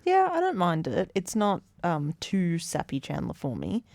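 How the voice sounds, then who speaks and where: A woman's voice: lowish voice, wildly swooping pitch, normal speed, darkish tone, no room sound. A woman co-hosting a casual podcast, wry and teasing, laughing often. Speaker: podcast co-host. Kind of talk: casual chat.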